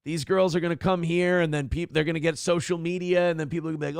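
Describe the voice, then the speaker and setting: Male livestream host, gravelly voice, somewhat high pitch, profane rambling commentary, dry close sound. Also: fairly even intonation, fast talker, hardly any pauses, dry recording. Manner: profane, rambling, mocking, reads donor messages.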